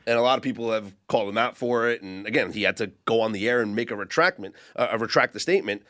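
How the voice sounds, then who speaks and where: A man's voice: lowish voice, fast talker, fairly bright tone. A man on a sports betting podcast, casually recounting football news in detail.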